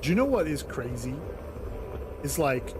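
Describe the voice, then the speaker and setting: A man chatting loosely while playing a game, swearing and telling animated stories. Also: mid-range voice, moderate pace, background noise. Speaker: gaming channel host. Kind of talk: casual chat while playing.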